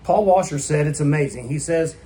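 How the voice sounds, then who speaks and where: Male pastor, sermon, slightly raised pitch, emphatic, questions the congregation. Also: a little fast, warm tone. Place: church.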